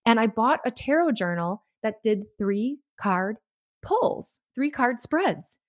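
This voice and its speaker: A woman hosting her own podcast, chatting excitedly and reading tarot passages aloud. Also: on the high side, slow, dry recording. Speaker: podcast host. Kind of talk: casual solo podcast talk.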